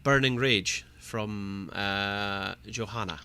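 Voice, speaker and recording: A young man casting a live esports match, chatty and excitable, laughing often. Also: fairly low pitch, slow pace, clean tone. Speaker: esports caster.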